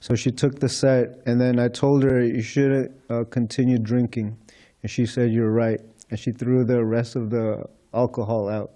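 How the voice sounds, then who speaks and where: This man's medium-pitched voice has a flat delivery, a moderate pace and a dark tone. Acting as a temple speaker, he relates anecdotes and relays past conversations to a congregation in a temple hall, chuckling lightly as he goes.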